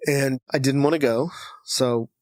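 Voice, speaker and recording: A man's voice: mid-range voice, unhurried, no room sound, studio quality. A man from Texas, a podcast guest, telling a personal story and acting out the voices of the people in it. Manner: animated storyteller who acts out dialogue.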